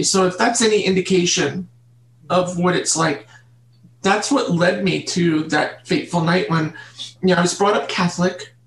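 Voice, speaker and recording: A woman guest in an interview, telling her childhood story in an earnest, halting way and repeating words. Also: fairly low pitch. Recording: roomy echo.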